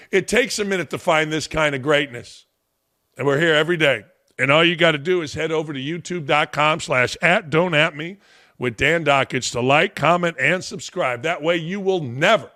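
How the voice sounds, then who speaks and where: A man hosting his own talk show, ranting in a brash, mocking way. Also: on the high side. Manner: brash, mocking, loud jabs. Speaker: podcast host. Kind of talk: opinion rant on a talk show.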